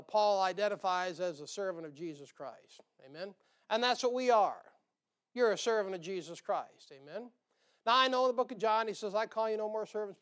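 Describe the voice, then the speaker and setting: A man preaches in a church, his voice pitched high and ringing clear. He is folksy and joking, and he keeps checking in with the congregation by asking "amen?". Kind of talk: sermon. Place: church sanctuary.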